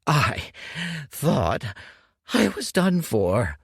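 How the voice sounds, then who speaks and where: A man's voice: medium pitch, wildly swooping pitch, drawn-out words, vocal fry, husky, no echo, clean studio sound, voice pushed up, heavily acted. A man voicing a fussy, pompous male alchemist master who makes indignant, theatrical exclamations. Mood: flustered.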